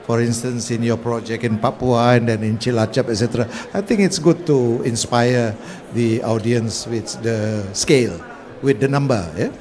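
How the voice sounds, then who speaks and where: A man moderating a conference panel, asking the panelists informal, halting questions. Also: medium pitch, darkish tone. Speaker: session moderator. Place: conference pavilion.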